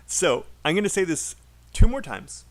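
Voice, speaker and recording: Man, British accent, livestream English teacher, slow chunked drills, repeats words, desk mic. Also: high voice, sing-song. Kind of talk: livestream speaking lesson.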